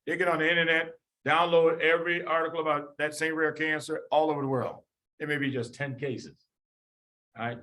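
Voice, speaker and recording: In a casual medical lecture, a man from the south side of Chicago talks conversationally and plays out the people in his anecdotes. His pitch is fairly high, and his tone comes across bright and forceful.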